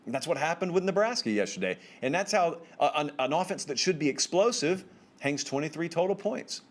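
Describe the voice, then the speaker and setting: This solo college football commentator talks a little fast, his voice expressive as he speaks straight to his audience. Informal slang fills his emphatic, chatty delivery, with rising pitch to drive points home.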